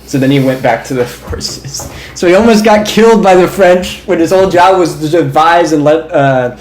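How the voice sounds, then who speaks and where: A man's voice: on the high side, normal speed, darkish tone. A young man co-hosting a podcast in casual chat, telling long, rambling stories with an amused, laughing manner. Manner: rambling, amused storyteller who laughs as he talks. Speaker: podcast co-host. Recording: roomy echo.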